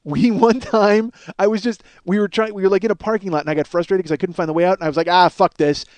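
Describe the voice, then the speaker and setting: A man's voice: high voice, steady tone, fast talker, a little mellow. A middle-aged man from the Chicago area telling rambling, profane, self-mocking comic stories as a podcast host, acting out bits of dialogue. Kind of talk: comic storytelling monologue.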